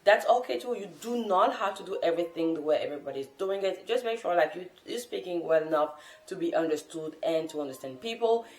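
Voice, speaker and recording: A woman's voice: lowish voice, animated, brisk. Earnest French woman in a roomy echo. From France. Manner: earnest, thoughtful, encouraging. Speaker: language-learning vlogger. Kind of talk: casual talk to camera.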